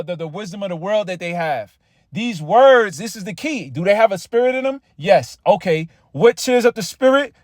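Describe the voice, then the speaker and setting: A man with a high voice delivers a casual sermon, reading scripture lines slowly and with weight, then talking them through. His speech is loose and stumbling, full of "all right" and repeated words. The sound is close and dry, with no room around it. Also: no echo. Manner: reads scripture slowly and with emphasis. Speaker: preacher.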